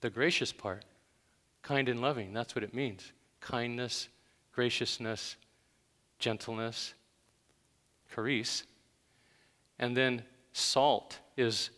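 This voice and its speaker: A man's voice: mid-range voice, steady tone, slow, long pauses, fairly bright tone, long reverb tail. A man preaching a sermon in a conversational way, with sudden emphatic bursts. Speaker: pastor.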